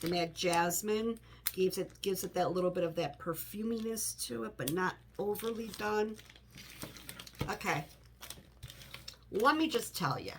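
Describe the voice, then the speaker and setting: A woman's voice: mid-range voice, lively intonation, a little slow, pauses often, noisy background. A middle-aged woman chatting casually to the camera in her home office, rambling with many "you know" asides. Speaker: home fragrance vlogger.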